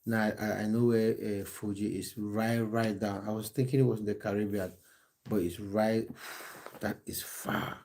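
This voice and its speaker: A man with a soft, mellow voice chats loosely with viewers on a live stream, recorded on his phone at home. He talks in stops and starts, restarting his sentences and filling gaps with ums. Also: fairly low pitch, little pitch movement, moderate pace. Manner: chatty, hesitant, many restarts and fillers. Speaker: football coach and live streamer. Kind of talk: casual live-stream chat reading viewer comments. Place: at home in England.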